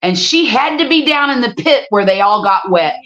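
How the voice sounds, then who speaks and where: A middle-aged woman hosting a casual livestream and telling stories with a lively, swooping voice. She reads viewer comments and exclaims freely. The sound is slightly muffled, as if from a lo-fi home stream. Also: a little high, normal speed. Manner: animated storyteller, exclaims freely. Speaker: livestream host. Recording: slightly dull lo-fi stream audio.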